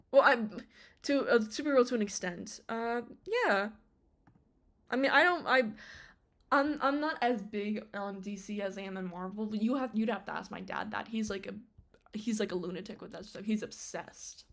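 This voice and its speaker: A woman's voice: medium pitch, lively intonation, normal speed, a bit bright. A young woman streamer chatting casually on a live stream, rambling with many fillers and restarts.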